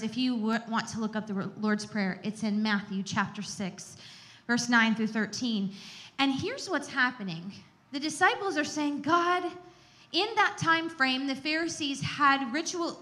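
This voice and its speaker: Woman talking to a church group, kinda high voice, honest and poking fun at herself. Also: a bit bright. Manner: candid, self-deprecating storytelling. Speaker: speaker at a church gathering. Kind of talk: personal teaching talk.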